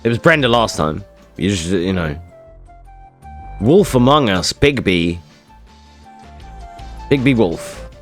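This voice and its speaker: Guy streamer goofing with chat, cusses a lot, some quiet music going behind. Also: on the low side, lively intonation, slow, long pauses. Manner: joking, swearing, reacting to chat. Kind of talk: casual live-stream chat.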